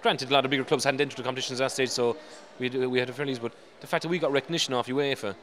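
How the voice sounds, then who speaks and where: A man's voice: medium pitch, steady tone, very fast, fairly bright tone. A man, a football supporter speaking proudly and emphatically about his club. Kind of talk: interview.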